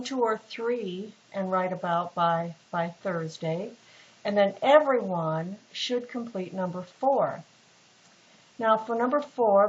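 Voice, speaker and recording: A woman instructor giving a casual, patient recorded lecture with many fillers and restarts. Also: medium pitch. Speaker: literature instructor. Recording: dull lo-fi recording with faint hiss.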